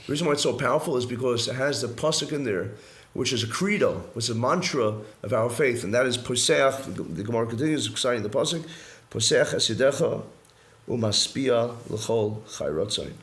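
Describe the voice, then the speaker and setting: His medium-pitched voice is animated, brisk and a bit bright as this rabbi teaches a live religious study class in an indoor room. He explains earnestly and emphatically, repeating key phrases, and the room echoes.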